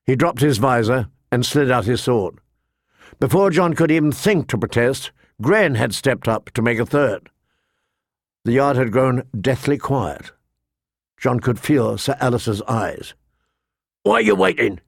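A man narrating a fantasy novel in a measured, steady storytelling voice. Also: mid-range voice, dry recording, studio quality. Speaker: audiobook narrator.

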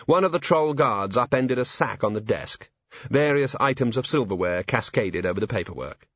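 Male audiobook narrator, measured, slightly dull recording. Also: medium pitch, expressive, a bit bright, no room sound. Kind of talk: scripted narration.

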